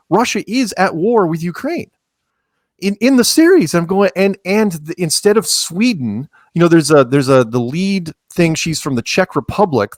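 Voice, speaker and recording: A man's voice: a little high, no echo. Guy rambling on a podcast call, restarts a lot, dry close sound, sarcastic. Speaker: podcast guest. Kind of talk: casual chat.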